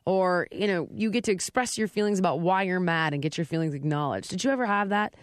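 A woman's voice: lowish voice, quick pace, no echo, studio quality. A middle-aged woman talking casually and animatedly, acting out quoted lines with big swings in her voice. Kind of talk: casual conversation.

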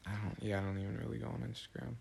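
A young man co-hosts a laid-back podcast chat, rambling and hedging with "like" in nearly every phrase. His voice is very deep and husky, and his thoughts wander as he works them out. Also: level tone, rapid-fire, a little mellow. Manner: rambling, hedges with constant "like". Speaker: podcast co-host. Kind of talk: casual chat.

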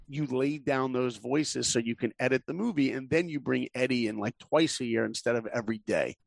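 A man with a deep voice, a guest on a podcast, telling lively stories about his work in animation. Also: gravelly, dry recording. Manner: lively storyteller who acts out voices. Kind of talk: casual interview storytelling.

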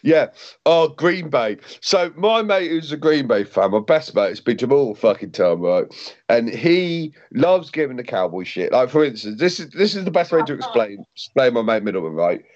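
A man's voice: mid-range voice, big pitch swings, moderate pace, darkish tone. A British man hosting a casual sports podcast, swearing and laughing as he rambles through stories. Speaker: podcast host. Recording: dull lo-fi sound.

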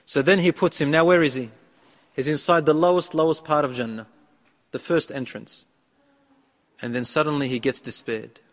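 A man's voice: fairly high pitch, moderate pace, pauses often, long reverb tail. A man preaching a sermon, who retells a story and acts out the lines of the man in it.

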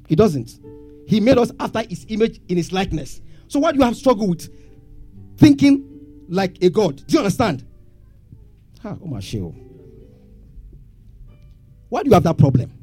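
A man's voice: sits high, very animated, fairly quick, long pauses, dark tone. Male pastor, preaching, quizzes the crowd, faint music behind. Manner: call-and-response questions to congregation. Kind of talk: sermon.

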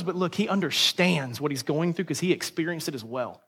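A man's voice: on the high side, expressive, a little fast, hardly any pauses, a bit bright, slightly rough. A man preaching a sermon as pastor, emphatic and punchy, with rhetorical questions to the congregation.

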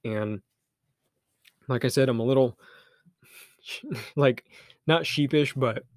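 A man's voice: mid-range voice, takes it slowly, a little mellow, dry recording, clean studio sound. A young man hosting a solo podcast, talking candidly and loosely, thinking aloud with restarts, a little embarrassed but encouraging. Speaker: podcast host. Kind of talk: casual solo podcast monologue.

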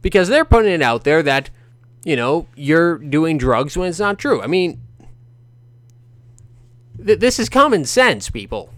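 Ranting man with a smooth voice. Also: on the high side, measured pace, pauses often, dry recording. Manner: animated, ranting, sarcastic. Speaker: podcast host. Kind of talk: opinionated boxing commentary.

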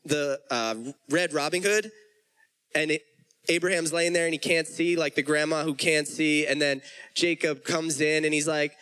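A man's voice: a little high, steady tone, normal speed, fairly bright tone, poor audio. A man preaching a sermon, retelling the story in casual everyday speech with frequent restarts.

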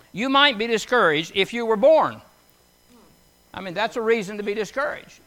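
An older man delivers a folksy sermon in a high, ringing voice. He moves between scripture readings and homespun stories, often putting questions to the congregation. His tone is bright and chatty. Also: lively intonation, moderate pace. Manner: conversational, asks the audience questions, tells homely stories. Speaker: preacher.

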